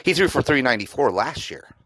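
Man hosting a sports podcast, sarcastic, profane, ranting, lively swinging pitch, dry close sound. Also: quick pace, no echo, low-quality recording. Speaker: podcast host. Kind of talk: solo sports reaction rant.

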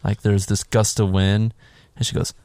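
Guy with a low gravelly voice recapping a movie, doing little voices for characters, dry close sound. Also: moderate pace, dry recording. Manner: animated, acts out characters' lines in higher voices. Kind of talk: casual chat, retelling a film.

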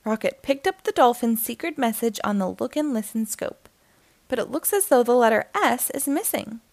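A woman reading a children's picture book aloud as a storytime host, in an animated, expressive way. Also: on the high side, normal speed, vocal fry.

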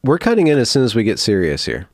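A man's voice: medium pitch, huge pitch swings, fast, dry recording, clean studio sound. A man hosting a podcast in casual chat, loose and hedging with fillers. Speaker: podcast host.

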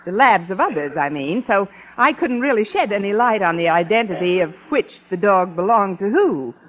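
An actress playing a quick-witted, flustered English teacher in a 1950s radio sitcom. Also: female voice, medium pitch, expressive, a crowd in the background, lightly acted. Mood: playful. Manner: wisecracking, flustered, giggly. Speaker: schoolteacher. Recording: muffled old radio broadcast with audience.

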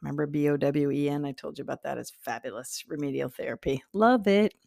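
Lady rambling on her podcast, kinda low gravelly voice, dry close mic, laughs a lot. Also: quick pace, darkish tone, no echo. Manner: chatty and rambling, laughs often, talks straight to the listener. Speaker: podcast host, psychic teacher. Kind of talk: casual monologue.

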